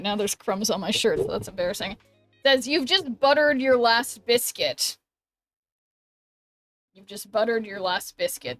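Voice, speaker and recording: A woman's voice: a little high, fairly bright tone. An American woman streaming a game, chatting casually and giggling, trailing off with ums. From United States. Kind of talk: casual chat while gaming. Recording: dry close mic with faint background music.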